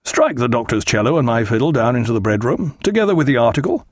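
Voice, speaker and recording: A man voicing a hearty, bluff naval captain in an audiobook, lively and cheerful. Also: medium pitch, quick pace, no room sound, clean studio sound, close to an everyday voice.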